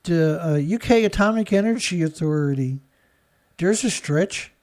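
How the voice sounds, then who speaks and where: A man's voice: fairly high pitch, lively intonation, normal speed, a little mellow. A man from Canada hosting a solo news commentary show, reading stories aloud with sarcastic, indignant remarks and frequent laughter. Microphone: studio mic.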